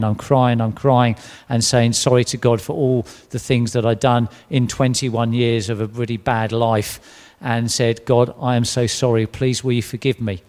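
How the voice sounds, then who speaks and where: A man giving an earnest, emotional personal testimony, often restarting his sentences. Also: mid-range voice. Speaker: church member giving testimony. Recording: long hall reverb.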